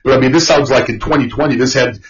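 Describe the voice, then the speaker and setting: A man's voice: mid-range voice, fast talker. A man chatting casually about movies he hates, ranting and swearing freely as he gets worked up. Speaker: podcast host. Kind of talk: casual chat. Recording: dull lo-fi sound.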